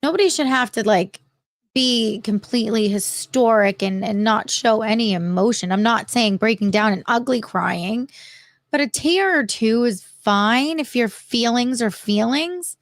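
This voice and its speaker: A woman's voice: a little high, unhurried, no room sound. A woman co-hosting a casual podcast, arguing her point frankly with casual swearing. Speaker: podcast co-host. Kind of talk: casual chat.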